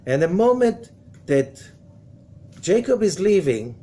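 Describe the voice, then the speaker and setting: Animated man teaching scripture. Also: high voice, slow, husky. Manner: dramatic retelling with rhetorical questions, frequent "okay?". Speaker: rabbi teaching a weekly study class.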